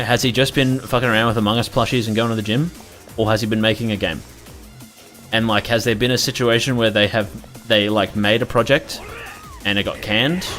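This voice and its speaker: A man's voice: lowish voice, fairly bright tone. A young man chatting loosely as a gaming streamer, rambling and swearing freely. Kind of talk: casual live-stream commentary.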